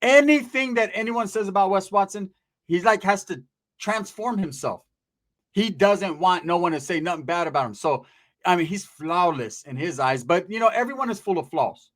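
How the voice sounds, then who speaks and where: Animated, profane male storyteller. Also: high-pitched, normal speed. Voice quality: scraggly-bearded street talker, slangy. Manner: animated, profane, acts out voices in his stories. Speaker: podcast host.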